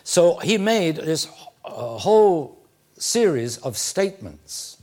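A man preaching a sermon, teaching slowly and deliberately with emphatic phrasing and occasional fillers. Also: on the high side, very animated, darkish tone. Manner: occasional throat clearing and "uh" fillers.

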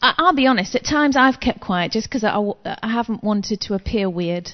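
A woman preaching from her own experience, frank and chatty, with a self-deprecating streak. Her voice sits at an ordinary middle pitch for a woman. It's a muffled, lo-fi recording with a long echo, as if made in a large hall. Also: lively intonation, a little fast. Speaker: Christian speaker. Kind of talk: testimony-style preaching. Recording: long reverb, dull lo-fi sound.

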